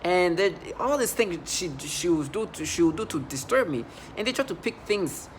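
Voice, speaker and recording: A man's voice: high-pitched, expressive, moderate pace, a little hiss or hum. A man with an accent, telling a long personal story in a rambling, emphatic monologue full of restarts. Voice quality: speaks with an accent. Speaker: vlogger describing his workplace experiences.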